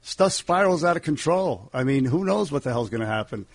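A man's voice: a little high, animated, a little fast, no echo. A man co-hosting a morning talk radio show, emphatic and fiery when he rants.

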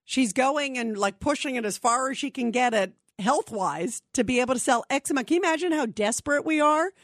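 A woman hosting a call-in radio talk show, talking in an animated, indignant way with many quick restarts. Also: high voice, dry recording, clean studio sound.

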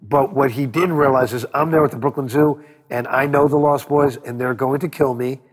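Husky-voiced man telling wild stories. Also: medium pitch, fairly quick, in a large hall. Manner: animated storyteller, acts out quotes, swears freely. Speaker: record producer guest. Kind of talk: storytelling interview.

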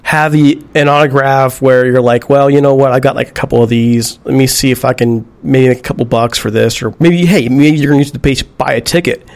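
A man chatting on a podcast in a middle-pitched, everyday voice. He thinks aloud as he goes, sometimes repeating a word before he finds his point. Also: fairly even intonation, fairly quick, few pauses, darkish tone. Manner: thoughtful, conversational, occasional stammered restarts. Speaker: podcast co-host. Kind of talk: casual chat.

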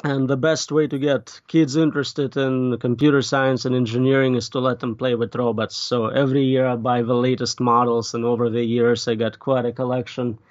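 A man's voice: medium pitch, flat delivery, normal speed, few pauses, dry recording, highs cut off. A man, a professor and native Russian speaker, answering interview questions with dry, matter-of-fact humor over a video call. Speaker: professor, guest.

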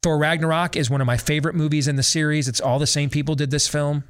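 A man's voice: on the high side, fairly even intonation, fast. A middle-aged man hosting a talk show, ranting sarcastically in a casual monologue and mimicking voices. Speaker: radio talk show host.

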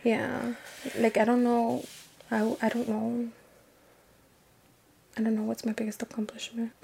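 Woman co-host, casual chat, slightly high voice, lots of "like", some spanish. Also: monotone, measured pace, vocal fry, a little mellow, slightly rough. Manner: casual, many "like" fillers, mixes Spanish into English. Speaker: podcast co-host.

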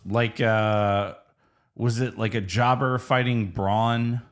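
A man's voice: on the low side, steady tone, slow. A man co-hosting a podcast in casual chat, making laid-back, agreeable remarks. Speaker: podcast co-host.

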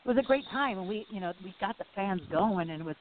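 A woman's voice: medium pitch, lively intonation, quick pace, slight background noise. A middle-aged woman, a guest in a casual interview, telling long rambling stories full of "you know" and acted-out quotes. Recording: phone-like audio.

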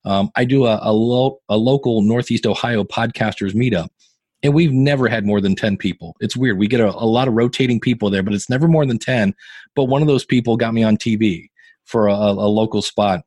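A man in his fifties, a podcasting guest, telling animated, self-deprecating stories in a casual interview. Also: fairly low pitch, fairly quick, no room sound. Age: 50s.

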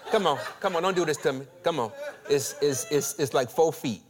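A man preaching a sermon, telling a lively story about home life with laughs and stammering restarts. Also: on the high side, fairly quick, a crowd in the background. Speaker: pastor.

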